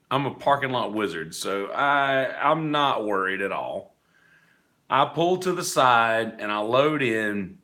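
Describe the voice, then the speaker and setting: A man's voice: fairly low pitch, pushed and bright. A man hosting his own podcast, telling rambling stories in a candid, profane, casual way. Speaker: podcast host; working musician. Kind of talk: casual monologue.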